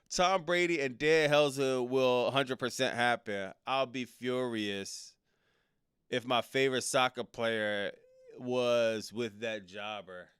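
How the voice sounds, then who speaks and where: Male streamer, casual reaction chat, unhurried drawl, smooth crisp tone, slangy and prone to loud incredulous rants. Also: medium pitch, steady tone. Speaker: streamer reacting to a wrestling show.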